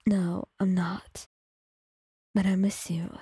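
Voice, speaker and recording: A woman voicing a shy, sweet young man in a hushed, pleading whispered role-play. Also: medium pitch, little pitch movement, slow pace, husky, no room sound, studio quality.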